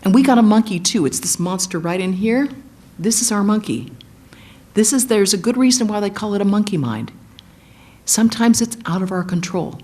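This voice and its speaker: A woman giving a sermon, retelling an epic as animated storytelling and acting out the quotes. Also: mid-range voice, moderate pace. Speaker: guest speaker, monastic.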